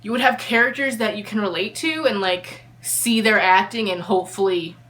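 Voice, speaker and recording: A woman's voice: mid-range voice, normal speed, fairly bright tone, slight background noise. A woman giving an exasperated, opinionated review of a book in a casual vlog.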